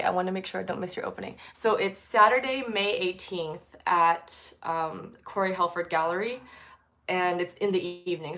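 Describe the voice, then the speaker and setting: A woman's voice: fairly low pitch, a bit bright. A woman hosting a casual livestream from her art studio on her phone, sounding congested from allergies and chatting with lots of fillers. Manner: chatty with frequent fillers and giggles. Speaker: artist livestream host.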